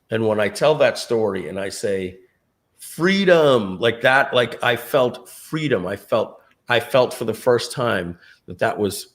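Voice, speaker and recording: A middle-aged man telling a personal story to an audience, acting out what other people said in their own voices. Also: fairly low pitch. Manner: acts out other people's lines in quoted voices.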